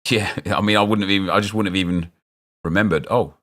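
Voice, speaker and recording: Man, young adult, deep low voice, chatty streamer, rambling game commentary, answers chat. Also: fairly even intonation, fast talker, a bit bright. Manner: chatty, rambling, answers viewer chat while reacting to picks.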